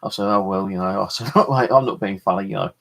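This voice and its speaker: A man's voice: low-pitched, quick pace, a bit bright. A man telling a rambling, casual story on his vlog, swearing freely and retelling conversations. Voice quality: gravelly, husky. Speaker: vlogger.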